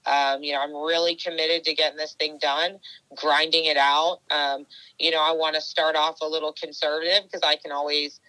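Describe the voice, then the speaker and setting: A woman's voice: low-pitched, level tone, moderate pace, sharp tone, no room sound, low-quality recording. A woman obstacle racer chatting casually in an interview, rambling with many fillers and restarts. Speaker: obstacle race athlete.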